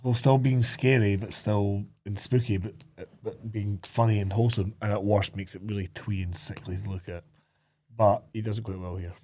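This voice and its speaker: A man's voice: fairly low pitch, steady tone, moderate pace, darkish tone. A man co-hosting a podcast, chatting loosely and searching for words about a film. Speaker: podcast co-host. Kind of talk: casual film chat.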